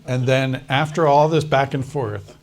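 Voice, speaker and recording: This is a man recounting a personal story in a conversational interview. His pitch sits at an ordinary middle level for a man. He tells the story animatedly, acting out the other speakers' lines and breaking into laughter often. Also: unhurried. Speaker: interview guest.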